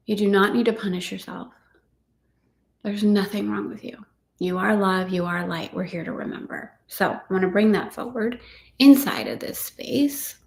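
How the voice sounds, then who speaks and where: A middle-aged woman hosting a casual spiritual live chat, repeating gentle affirmations and laughing often. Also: medium pitch, moderate pace, creaky, reverberant. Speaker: host.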